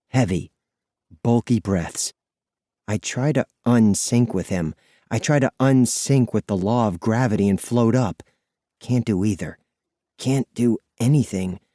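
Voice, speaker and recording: Low, warm male audiobook narrator. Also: no echo, clean studio sound. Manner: lively, expressive, breathless storytelling. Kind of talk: scripted first-person audiobook narration.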